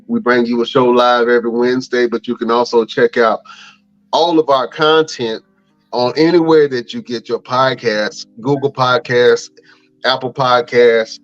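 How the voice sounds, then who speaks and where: A male podcast host winds down his show with a loose, filler-laden run through plugs and links. His voice sits at an ordinary middle pitch. The audio is dull and lo-fi, with faint music underneath. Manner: loose, chatty, filler-heavy delivery. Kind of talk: casual show outro with plugs.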